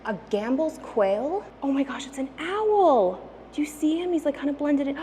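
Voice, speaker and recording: A woman vlogging casually as she walks through a theme park and zoo, chatty and excitable, often gasping and exclaiming. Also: high voice, moderate pace, rough recording. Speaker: travel vlogger. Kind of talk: casual vlog walk-through. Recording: outdoor ambient noise.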